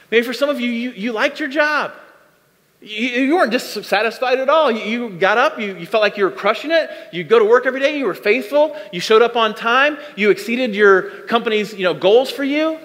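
Earnest high-voiced preacher in a hall. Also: male voice, expressive, moderate pace, fairly bright tone. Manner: earnest, repetitive, talks straight to the listeners. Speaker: pastor. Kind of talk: sermon. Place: church auditorium.

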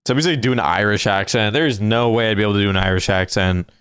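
A man livestreaming a video game, chatting casually and reacting out loud as he plays. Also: fairly low pitch, very fast, clean tone, no echo, studio quality, soft background music. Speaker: gaming streamer. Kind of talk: casual live gameplay commentary.

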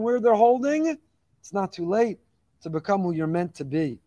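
Fast, impassioned high-voiced rabbi. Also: male voice, sing-song, dark tone, muffled recording. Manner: fast-talking, admits reading quickly; impassioned, exhorting with rising emphasis. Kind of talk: weekly Torah lecture.

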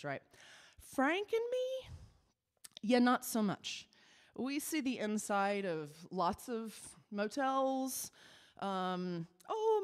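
Chatty cabaret singer with reverb. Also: female voice, lowish voice, smooth. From Texas. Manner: chatty, self-mocking storyteller. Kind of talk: stage patter between songs.

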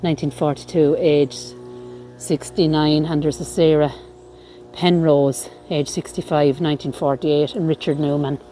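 A woman vlogger giving an unhurried walking-tour commentary outdoors in a graveyard, reading out headstone inscriptions as she goes. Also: low-pitched, steady tone, dark tone, soft background music.

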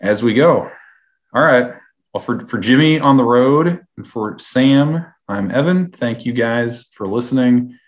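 A young man co-hosting a sports podcast, relaxed and easygoing, hedging his points in casual chat. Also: mid-range voice, unhurried. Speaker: podcast co-host.

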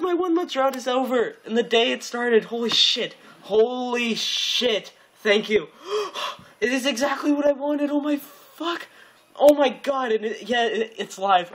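A man's voice: extremely high pitch, a little slow, a bit bright. A young man commentating his own gameplay live, overexcited, gasping, swearing and repeating himself, talking to viewers and friends on a call. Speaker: game streamer.

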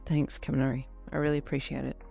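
A reader voicing a tired, withdrawn young man who talks in a low, deadpan way. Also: normal speed, gravelly, soft background music, close to an everyday voice.

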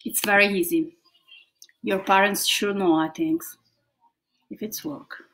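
A woman's voice: mid-range voice, fairly even intonation, unhurried, fairly bright tone. A woman teaching English to children, acting out emotions with gasps and whispers.

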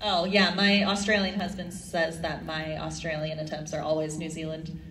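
A woman in her thirties speaks on a convention stage, poking fun at herself in a bright voice. The sound is echoey and picked up from a distance in a large hall. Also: deep voice, flat delivery, moderate pace, a little hiss or hum. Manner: self-deprecating, laughs between stories. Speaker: voice actress on a convention panel. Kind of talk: casual panel chat.

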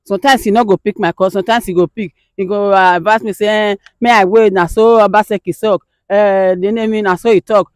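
A woman's voice: medium pitch, steady tone, brisk, hardly any pauses, dry recording. A woman with a Nigerian accent, a mother wearily recounting her struggle and pleading for help. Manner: weary, pleading, recounting at length. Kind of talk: personal appeal.

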